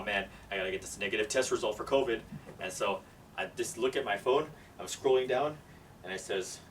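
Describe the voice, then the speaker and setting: A man telling a story casually, animated and acting out the people in it. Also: on the low side. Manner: animated, acts out every character. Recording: distant mic, faint background noise.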